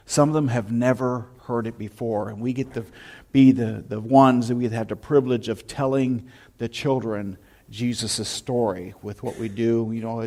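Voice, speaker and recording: Pastor, male, mid-range voice, sermon style with relaxed storytelling and lively retold moments. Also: medium pitch. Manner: storytelling, animated anecdotes with shouted imitations. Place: church sanctuary.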